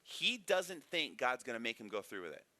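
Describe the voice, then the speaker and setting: Man, Bible class teacher, animated pitch, bright tone, dry close sound. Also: moderate pace, no echo. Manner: conversational, frequent rhetorical "right?". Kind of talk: casual Bible lesson. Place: church classroom.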